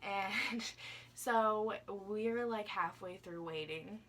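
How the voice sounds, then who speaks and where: Young woman vlogger, chatty storyteller, bright edge, a bit off-mic with faint noise. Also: mid-range voice, drawn-out words, recorded from a distance. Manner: chatty, lots of "like" fillers, acts out her younger self. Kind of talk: casual storytime vlog.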